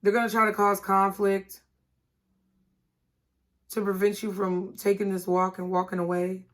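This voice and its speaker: A woman's voice: mid-range voice, little pitch movement, unhurried. A woman giving a tarot reading and speaking straight to her viewers in an encouraging way. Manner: encouraging, direct address to viewers. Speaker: tarot reader.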